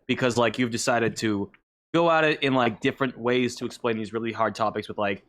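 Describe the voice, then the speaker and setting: A man's voice: mid-range voice, brisk, a bit bright. A man appearing as a guest on a casual live stream, talking enthusiastically and complimenting the host.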